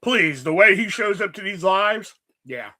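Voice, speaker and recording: Animated, expressive young man telling stories. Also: high-pitched, unhurried. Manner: animated, profane, acts out quotes. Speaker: livestream host. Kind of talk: casual storytelling chat.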